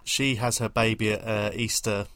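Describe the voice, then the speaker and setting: A podcast co-host summarizing film scenes in a relaxed, casual chat. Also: mid-range voice, normal speed, no echo.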